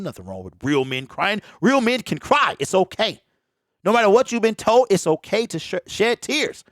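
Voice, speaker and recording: At a moderate pace, a high-voiced guy gets worked up over sports, speaking right to his viewers in loose, slangy language with an animated, preachy tone. A home desk mic that pops captures it, and the result is dry and clean.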